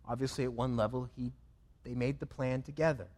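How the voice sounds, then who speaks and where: A man's voice: mid-range voice, fairly even intonation, fairly quick, a little mellow, big-room sound. A man preaching a sermon as pastor, with an emphatic, repetitive cadence.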